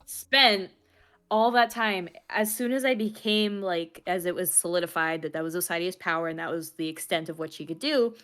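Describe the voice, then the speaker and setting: Low-voiced woman telling a roleplay story. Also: normal speed, clean tone. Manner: animated, storytelling, swears freely. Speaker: roleplayer interviewee. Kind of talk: casual chat.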